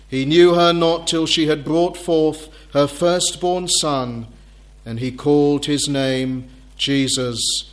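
Guy preaching, earnest, voice a bit on the high side, acts out little quotes. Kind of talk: sermon.

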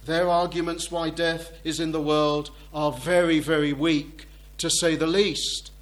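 A man's voice: fairly high pitch, level tone. A man preaching a sermon, reading scripture aloud in old-fashioned wording and repeating key phrases for emphasis. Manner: slow, deliberate preaching with emphatic repetition.

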